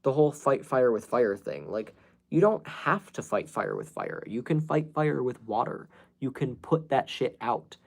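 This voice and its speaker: A man's voice: mid-range voice, animated, a little slow, gravelly. A man ranting casually to camera as a vlogger, blunt and frank, swearing freely and talking with many fillers and restarts. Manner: earnest and self-advising.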